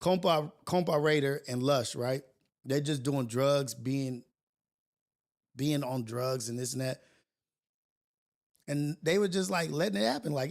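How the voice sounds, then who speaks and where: A man with a raised pitch and a gravelly fry runs a loose morning livestream. He talks in a relaxed street-slang way, cussing freely and laughing between thoughts. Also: measured pace, long pauses. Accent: Californian English. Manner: animated, swearing, slangy, laughing often. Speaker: podcast host. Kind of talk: casual livestream talk.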